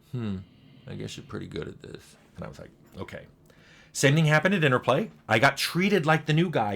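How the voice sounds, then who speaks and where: An older man telling personal stories in a casual, conversational way, acting out bits of dialogue as he goes. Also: on the low side. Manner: conversational, lively retelling with quoted dialogue. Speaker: game developer talking to camera.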